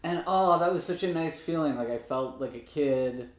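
A man's voice: fairly high pitch, normal speed, reverberant. A man co-hosting a podcast, recapping a film in casual chat with wry, profane asides.

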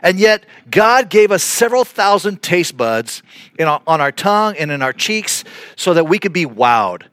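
Male pastor, 50s, casual animated sermon delivery, slightly high voice. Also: moderate pace, no room sound, studio quality. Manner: conversational, animated with playful asides. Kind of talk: podcast sermon.

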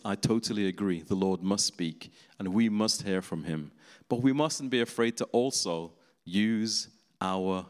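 A man preaching a sermon in a conversational way, with laughing asides. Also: fairly low pitch. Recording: long hall reverb.

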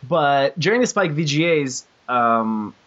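A man hosting a casual podcast about video games, excitable and quick to swear, with lots of stammered restarts. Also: medium pitch, lo-fi sound. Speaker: podcast host.

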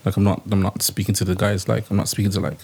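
A man in a casual chat, talking in a laid-back, halting way. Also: deep voice, fairly even intonation, creaky, noisy background. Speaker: podcast co-host.

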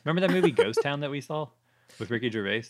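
A man's voice: medium pitch, animated, fast. A man co-hosting a podcast, chatting casually and enthusiastically, rambling with fillers as he goes. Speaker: podcast co-host. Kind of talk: casual chat.

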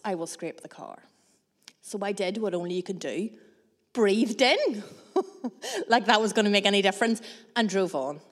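Slow-speaking woman preaching. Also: medium pitch. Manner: measured, reflective, with dramatic pauses. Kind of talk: sermon with personal storytelling. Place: church hall. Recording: long reverb of a large hall.

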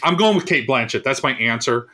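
A man's voice: medium pitch, lively intonation, fairly quick, pushed and bright. A man on a casual panel discussion, called professor, thinking aloud and hedging his picks.

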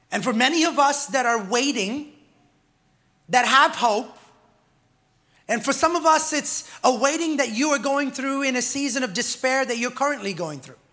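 High, bright-voiced preaching pastor. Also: male voice. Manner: emphatic preaching that swells louder and drops quiet by turns; calls out to the congregation. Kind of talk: sermon.

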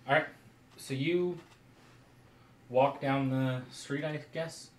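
A man's voice: mid-range voice, steady tone. Man running a tabletop game, echoey room. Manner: halting, many fillers. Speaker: game master.

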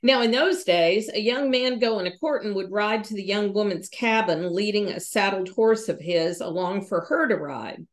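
A woman, hosting a podcast and reading a folksy ghost story aloud with fillers and small slips. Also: medium pitch. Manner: folksy, pauses with fillers and self-corrections. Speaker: podcast host.

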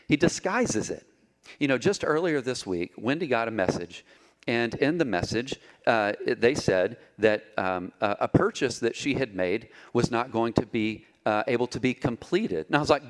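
Speaking at medium pitch and fairly quickly, a middle-aged man delivers a sermon as pastor, with animated storytelling and humor and plenty of joking with his congregation.

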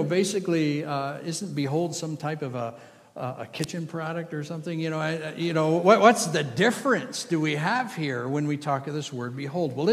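A man preaching a sermon as a guest preacher, animated and folksy, with emphatic stress on key words. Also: on the high side. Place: church sanctuary. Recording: reverberant church hall.

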